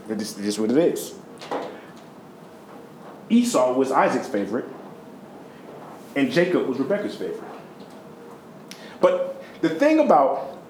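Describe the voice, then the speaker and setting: A man preaching a sermon, retelling a story in a conversational way with sudden high, emphatic stretches and low, quiet ones. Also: roomy sound, slight background noise, low-quality recording.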